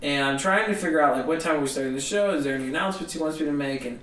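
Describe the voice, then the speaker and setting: A man, a comedian, telling a story in an animated, self-mocking way in conversation. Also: on the high side, rapid-fire, echoey room, far from the mic, a little hiss or hum. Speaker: comedian guest.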